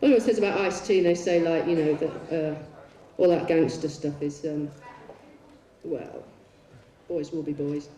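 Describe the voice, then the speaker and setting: A woman telling bawdy, swearing stories on a concert stage, with deadpan comic asides. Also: deep voice, normal speed, long pauses. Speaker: poet performing on stage. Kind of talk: live stage storytelling. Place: large concert arena on stage. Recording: echoey arena heard from far off.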